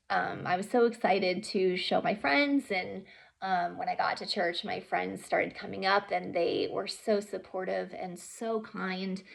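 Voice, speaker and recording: A young woman talking earnestly and haltingly about her own experience, with many pauses and fillers and some softly whispered words. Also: mid-range voice, gravelly. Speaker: vlogger sharing her story. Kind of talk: emotional personal storytelling.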